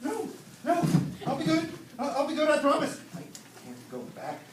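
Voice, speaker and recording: A man's voice: very high voice, huge pitch swings, moderate pace, reverberant, distant mic, very noisy, exaggerated voice. A young man acting a jumpy, paranoid office worker who speaks in grand, theatrical declarations on a school stage. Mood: panicked. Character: paranoid conspiracy-minded male office worker. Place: school stage before an audience.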